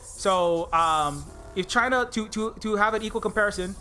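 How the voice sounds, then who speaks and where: A man with a high, sharp, bright voice delivers a heated, profane rant, tripping over restarts as he pushes on. Faint music plays behind him. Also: normal speed. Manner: angry, profane, stammering restarts. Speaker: indie game developer streaming live. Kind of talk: heated political rant on a livestream.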